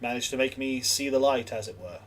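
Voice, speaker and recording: A man's voice: medium pitch, a little fast, a bit bright, soft background music, natural voice. A man voicing an odd, theatrical café patron who is overly courteous and shows exaggerated disgust. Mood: apologetic.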